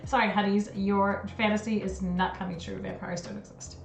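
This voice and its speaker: Streamer type: chatty, giggly woman, mid-pitch, roomy room with faint music under her. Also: flat delivery, normal speed, gravelly. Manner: giggly, chatty, reacts with frequent laughter. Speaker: livestream host. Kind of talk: casual livestream chat reading conspiracy theories.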